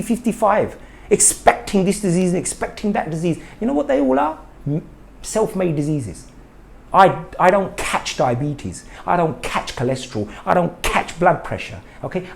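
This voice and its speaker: A man's voice: fairly high pitch, creaky. A middle-aged man, talking indignantly to camera about health and firing off rhetorical questions, repeating himself for emphasis. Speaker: health vlogger. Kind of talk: impassioned monologue to camera.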